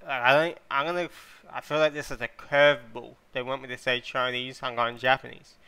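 Bright, crisp-voiced male gaming host. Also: mid-range voice. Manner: excitable, swears freely, thinks out loud. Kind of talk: casual gameplay commentary.

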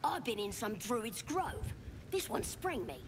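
A woman's voice: fairly high pitch, very animated, unhurried, a little hiss or hum. An actress voicing a scrappy young female goblin in a video game, with a brash, bossy manner and an Australian-sounding accent.

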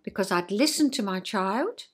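A woman's voice: medium pitch, normal speed. An older woman hosting a casual chat, telling stories expressively in a homely way. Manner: expressive storyteller, acting out dialogue, homely. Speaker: host.

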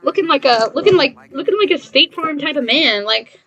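A woman live-streaming a game in casual chat, bubbly and chatty, reading messages aloud and thanking viewers with excited squeals. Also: high-pitched, brisk, dull audio.

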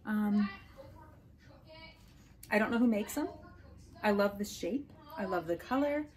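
A woman's voice: mid-range voice, animated, a little slow. A woman casually showing off her thrift haul, chatty and gushing over small finds, with hiccups now and then. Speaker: resale vlogger. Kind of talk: casual show-and-tell haul.

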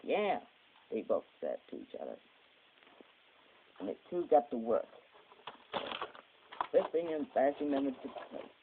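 A man narrating a homemade storybook video, reading in a halting, self-correcting way. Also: medium pitch, huge pitch swings, creaky. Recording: tinny phone-like home recording with faint hiss.

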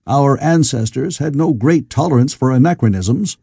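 A man's voice: mid-range voice, lively intonation, normal speed, creaky, mellow, slightly rough, dry recording. A man reading the part of a practical Victorian doctor who speaks in a dry, matter-of-fact way.

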